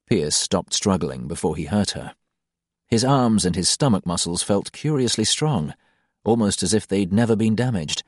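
A man narrating an audiobook in a calm, unhurried reading. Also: on the low side, no room sound, studio quality.

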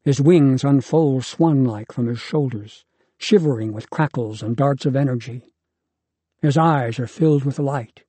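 A man narrating a science-fiction novel in a steady, even reading. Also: medium pitch, measured pace, husky, no echo. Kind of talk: audiobook narration.

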